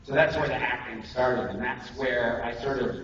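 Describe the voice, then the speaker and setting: A male voice actor runs an acting workshop in a joking, self-deprecating, rambling way. His voice sits at a middle pitch and carries from far off. The sound is dull, with heavy room echo and steady noise from the convention room. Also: normal speed. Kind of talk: casual convention workshop talk.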